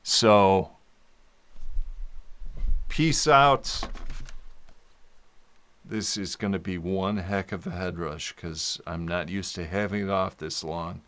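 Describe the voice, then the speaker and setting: A man talking candidly in a personal video diary, in slow, halting speech broken by long pauses and sighs. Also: sits low, fairly bright tone, clear, resonant tone. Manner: candid, informal, occasional cursing. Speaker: vlogger.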